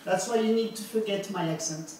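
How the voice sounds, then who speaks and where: A woman with a French accent doing a deadpan stand-up routine at a bar open mic, asking the audience questions between punchlines. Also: medium pitch, fairly quick, slight background noise. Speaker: stand-up comedian. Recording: echoey bar from far off.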